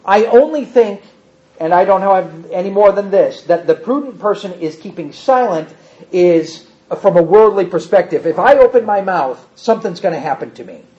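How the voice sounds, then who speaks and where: A man's voice: high voice, animated, normal speed, dark tone, muffled recording. A man teaching an informal Bible class, reading scripture aloud with dramatic emphasis between casual comments.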